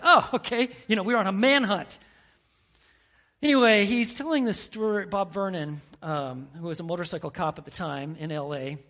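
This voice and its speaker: A middle-aged pastor with a high-pitched voice preaches a sermon, telling stories and giving the people in them animated quoted voices.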